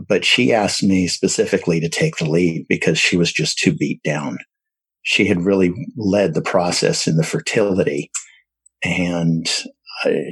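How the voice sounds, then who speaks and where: Low husky man, halting storytelling. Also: dry recording, poor audio. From San Diego area. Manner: halting, many fillers and restarts. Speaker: adoptive parent sharing his story. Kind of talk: casual personal storytelling.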